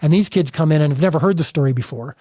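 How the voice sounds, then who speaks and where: A middle-aged American filmmaker appears as a guest in a candid interview, telling stories with emphatic, earnest restarts. His voice runs on the high side with a dark tone, and he talks very fast. The sound is studio quality with no echo.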